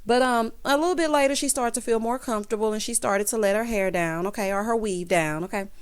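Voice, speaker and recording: A sassy young woman dishes on a reality show episode, voice at an ordinary middle pitch. She keeps calling her viewers honey and baby and slips into little voices to act out quotes. Casual recap talk straight to her audience. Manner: acts out quoted lines in changed voices.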